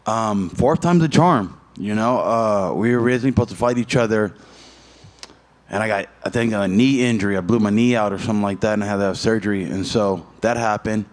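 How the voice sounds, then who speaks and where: A man who fights professionally, answering questions in a casual interview, telling stories with a lot of swearing and rambling. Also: a little fast. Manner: profane, rambling storyteller; jumps high in pitch when telling a story. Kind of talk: casual media day interview.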